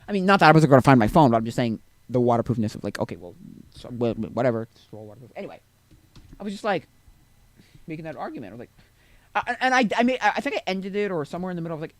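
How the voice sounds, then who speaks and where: A man talking on a game stream with a fairly high voice that swings widely up and down. He rambles in loose casual chat, circling back and restarting his sentences as he goes. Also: very animated, racing, no room sound, rough recording. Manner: rambling, with many restarts and asides.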